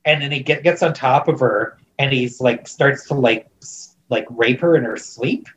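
A man's voice: medium pitch, normal speed, muffled recording, slight background noise. A man recapping a movie in casual chat, rambling with lots of fillers and restarts, amused and disbelieving. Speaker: podcast co-host recapping a movie.

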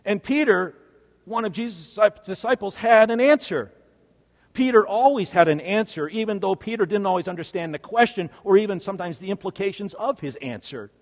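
Brief: male preacher, high expressive voice, dramatic sermon storytelling. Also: moderate pace, big-room sound. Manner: dramatic storytelling, swings from hushed to emphatic.

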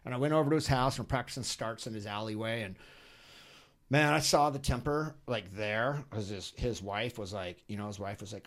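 A middle-aged man on a podcast, telling a story with excitement, acting out quotes loudly and filling with "like" and "you know". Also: on the low side, normal speed. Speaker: podcast guest. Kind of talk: animated storytelling.

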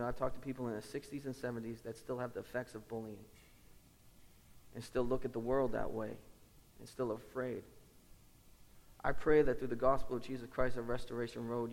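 A man's voice: medium pitch, vocal fry. Earnest man preaching in a reverberant hall. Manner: earnest, storytelling with repeated phrases. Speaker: lead pastor. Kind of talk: sermon. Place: church sanctuary.

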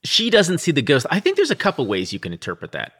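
A man's voice: a little high, huge pitch swings, fast, fairly bright tone, breathy edge. A man co-hosting a casual podcast, explaining scenes and reading verse aloud in between. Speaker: podcast co-host. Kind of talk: casual literary discussion.

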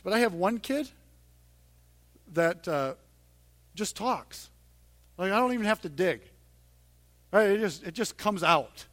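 A male pastor preaching a sermon to his congregation in church, earnest and emphatic, growing louder on the points he stresses. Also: high voice.

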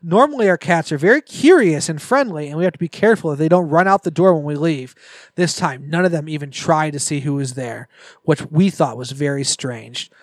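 A man's voice: on the high side, brisk, no echo. A man on a podcast reading a scary story aloud and breaking off for joking asides. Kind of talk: casual storytelling read-aloud with banter.

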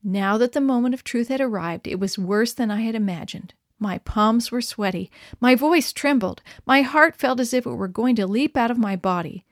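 A woman's voice: fairly high pitch, normal speed, few pauses, no echo. Woman narrating a children's story, dry sound. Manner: expressive, lively reading of dialogue.

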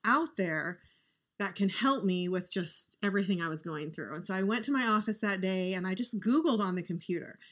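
A woman's voice: mid-range voice, animated, brisk, a bit bright. Earnest woman telling a heartfelt story. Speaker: podcast guest. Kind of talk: conversational storytelling.

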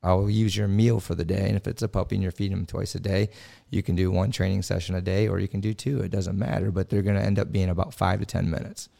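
A man's voice: low voice, little pitch movement, fast talker, vocal fry, mellow. A man on a podcast as a guest dog trainer, explaining training in a plain, practical way. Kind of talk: casual podcast chat.

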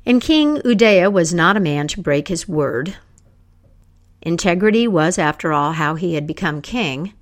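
A woman telling a folk tale aloud, acting out the characters with lively voices. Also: fairly low pitch, measured pace. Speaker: storyteller. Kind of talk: oral storytelling.

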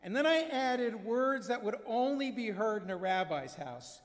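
A rabbi, a man in his fifties, gives a sermon and tells a story in a measured, earnest way. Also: sits high, animated. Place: synagogue sanctuary. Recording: long reverb of a large hall.

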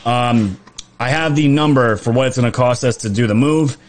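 A man's voice: medium pitch, normal speed. A man, chatting casually on a live stream, reading viewer comments, laughing often and restarting his sentences. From New York.

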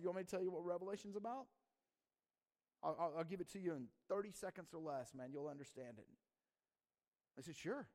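Man, pastor, high pitch, casual sermon, frequent asides. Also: a little mellow. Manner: conversational preaching, many asides and "right?".

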